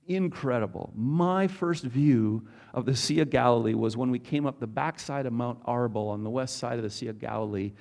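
A man preaching to a live audience in a relaxed, conversational way. He tells the story with energy and often stops to ask the room questions. His voice sits at an ordinary pitch for a man. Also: gravelly. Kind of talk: sermon with bible teaching.

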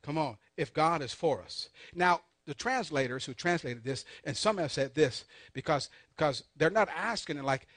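A man preaching a sermon, calling on the congregation to answer back, swinging between soft asides and loud emphatic peaks. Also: on the high side, animated, normal speed, few pauses, no echo. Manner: call-and-response preaching, urging the congregation. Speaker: pastor.

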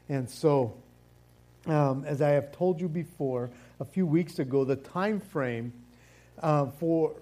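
A man's voice: on the high side, mellow. A man teaching a casual Bible study, rambling with many fillers and repeated words, sometimes playfully acting out the figures he describes. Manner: acts out quoted exchanges playfully.

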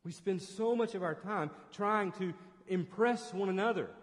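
A man's voice: sits high, normal speed. Earnest preaching man in a reverberant hall. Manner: earnest preaching with emphatic rises and repeated restarts. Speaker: pastor. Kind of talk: sermon.

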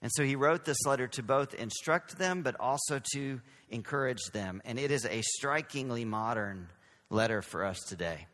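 A man's voice: mid-range voice, lively intonation, normal speed, a bit bright, in a large hall. A man from Texas with a light Southern accent, preaching a conversational sermon as pastor, with self-deprecating humor. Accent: Southern American.

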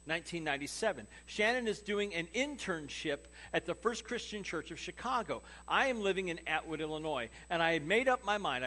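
A man preaching a sermon as pastor, telling a personal story with lively acted-out dialogue. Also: fairly high pitch. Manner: animated storyteller acting out quoted dialogue.

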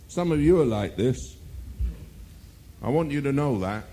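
A man's voice: medium pitch, lively intonation, normal speed, mellow, a little hiss or hum. A male preacher delivering a sermon, firing rhetorical questions and mocking asides.

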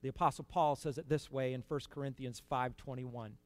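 A man preaching a sermon in an earnest, conversational way, rising to emphatic peaks and dropping to quiet asides. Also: mid-range voice, fairly even intonation, moderate pace, no room sound.

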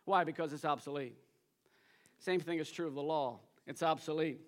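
A male pastor preaching a sermon to a live congregation, energetic and urging the listeners to respond, swinging between loud emphasis and quiet asides. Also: fairly high pitch, normal speed. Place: church service before a congregation.

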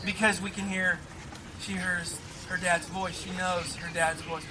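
A man's voice: high voice, flat delivery, a little slow, noisy background. A man preaching a sermon outdoors at a church service, with an earnest, repetitive cadence, leading into a closing prayer. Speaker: pastor.

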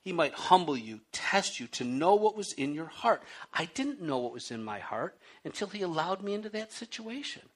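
A man preaching a sermon, telling stories from his own life with animated delivery and then reading scripture aloud and explaining it. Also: high voice, normal speed, few pauses. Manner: animated storytelling, acting out his own pleas and rising to loud cries. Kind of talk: sermon with personal testimony.

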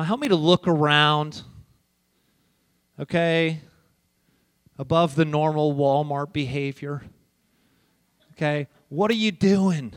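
A man preaching a casual, animated sermon, telling a story with jokey asides to the congregation. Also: fairly high pitch, clear, resonant tone, no echo. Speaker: pastor.

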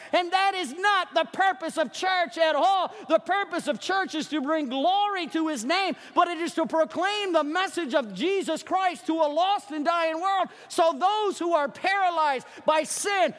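A man preaching a sermon as pastor, telling the story in an animated way and acting out the characters. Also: very high-pitched, normal speed, few pauses. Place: church sanctuary. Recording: long reverb of a church sanctuary.

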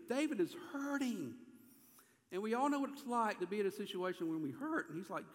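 A middle-aged man preaching a sermon in a folksy way, speaking straight to the congregation and swinging from quiet talk to loud pleading. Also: sits high, lively intonation, a little fast. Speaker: pastor. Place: church sanctuary. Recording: echoey church hall.

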